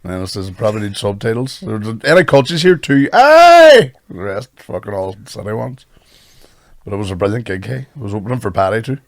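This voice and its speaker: A man's voice: lowish voice, quick pace, gravelly, a little mellow, dry recording, clean studio sound. A man hosting a podcast, telling crude stories with lots of swearing and laughter. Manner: crude, storytelling, laughs often. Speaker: podcast host and comedian. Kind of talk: casual banter.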